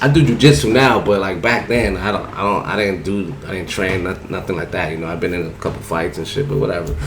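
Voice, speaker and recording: A man's voice: on the low side, noisy background. A man casually telling a rambling, profane story in heavy slang, often saying "you know what I'm saying". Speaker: barber telling a story on a podcast.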